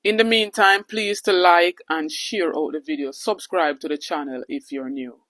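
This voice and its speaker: A woman's voice: deep voice, normal speed, a bit bright, no room sound. A woman hosting an online news channel, greeting viewers and summing up the day's stories.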